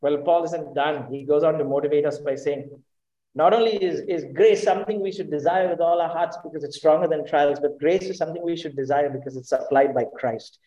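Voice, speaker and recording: A man's voice: a little high, steady tone, fairly quick, dark tone, roomy sound, muffled recording. A man preaching a sermon in an earnest, emphatic way, often putting questions to the congregation.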